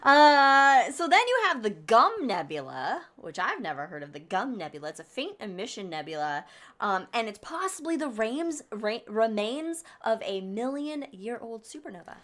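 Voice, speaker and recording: A woman's voice: fairly high pitch, very animated, moderate pace, fairly bright tone. Chatty woman rambling through astronomy notes. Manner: rambling, chatty explaining with many fillers. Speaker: podcast co-host presenting sky events. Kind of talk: casual chat.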